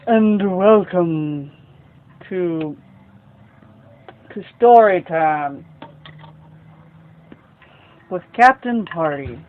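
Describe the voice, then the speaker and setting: A man hosting a story time show, reading a novel aloud in a casual, unhurried way with lively bursts. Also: high-pitched. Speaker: storyteller host. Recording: tinny phone-like sound.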